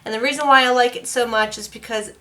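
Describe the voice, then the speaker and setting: A woman with a slightly high voice narrates her soap making in a loose, casual vlog. She is chatty and laughs now and then as she tells stories while she works. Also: fairly even intonation, fast talker, bright, forceful tone. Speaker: soap maker.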